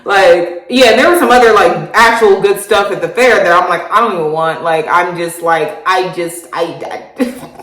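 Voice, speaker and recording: A woman in her thirties telling a casual storytime, animated, laughing often and swearing freely. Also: on the low side, normal speed. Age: 30s. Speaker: vlogger. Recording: roomy echo.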